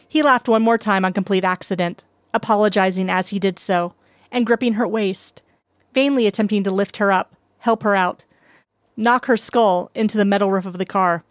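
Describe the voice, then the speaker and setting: A woman reading a story aloud as narrator, steady and unhurried. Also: medium pitch, clean tone, dry recording, studio quality. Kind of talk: reading fan fiction aloud.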